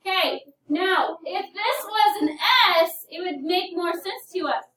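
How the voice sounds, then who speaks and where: A woman's voice: very high voice, a little slow, fairly bright tone, a little hiss or hum. A woman teaching a phonics lesson to a class, patiently prompting students and calling on them by name. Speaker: elementary school teacher. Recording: echoey classroom from far off.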